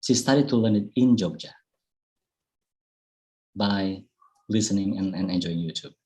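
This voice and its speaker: A man's voice: deep voice, a little slow, dark tone, rough recording. A middle-aged Indonesian man with an Indonesian accent, giving an online public speaking talk in a chatty way with fillers and restarts. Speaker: guest speaker. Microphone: video call.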